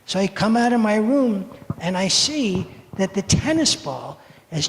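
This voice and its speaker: A man in his seventies tells a true story to the whole congregation with playful, animated delivery. His voice sits high for a man and has a gravelly edge. It is recorded in a sanctuary with long reverb. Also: unhurried, slight background noise. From United States. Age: 70s. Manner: animated, playful storyteller who acts out moments. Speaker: guest speaker telling a story for all ages. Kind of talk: storytelling in a service. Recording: echoey hall reverb.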